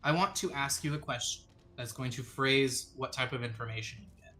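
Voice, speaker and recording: A man acting as dungeon master, describing a scene and laying out choices for the players in a measured storytelling manner. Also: medium pitch, sharp tone, faint music behind. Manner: descriptive, measured storytelling with sudden quick asides. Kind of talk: narrating a tabletop game.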